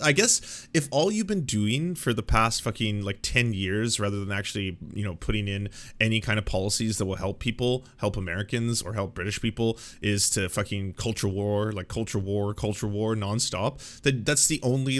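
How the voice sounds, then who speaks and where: A man's voice: lowish voice, fairly bright tone. A man hosting a casual reaction commentary, sarcastic and incredulous, swearing freely. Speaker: commentary host.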